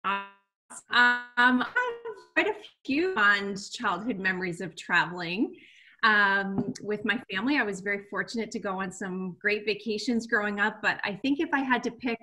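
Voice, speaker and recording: A woman from the east coast of Canada, a panelist calmly reminiscing in casual chat. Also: medium pitch, normal speed, rough recording. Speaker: panelist, cruise development manager.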